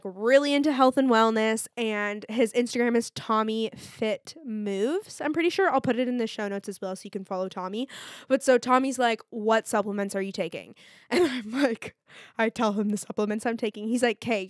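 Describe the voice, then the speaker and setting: A woman's voice: a little high, dry recording, studio quality. A young woman hosting her own podcast, chatting candidly and swearing freely as she tells stories. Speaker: podcast host. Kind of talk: casual solo podcast chat.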